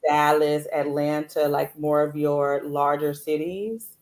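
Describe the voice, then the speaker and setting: A woman, hosting a casual conversation and telling stories in a relaxed way. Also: low-pitched, slow. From Louisiana, USA. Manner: relaxed storytelling, frequent "like" fillers. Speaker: host.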